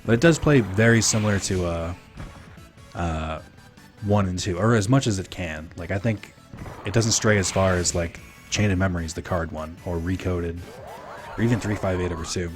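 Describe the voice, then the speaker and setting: Young guy with a lowish voice, rambling to chat on a game stream, game music going behind. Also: normal speed. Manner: rambling, filler-heavy, relaxed. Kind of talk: casual gaming stream chat.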